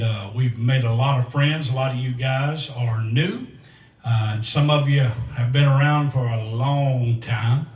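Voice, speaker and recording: Folksy male host, roomy distant sound. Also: mid-range voice. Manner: folksy, rambling, reading out viewer names. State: excited, breaking a sweat. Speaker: host and singer of a gospel country show. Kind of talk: livestream chat between songs. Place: standing up in a room. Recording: roomy echo, distant mic, guitar music.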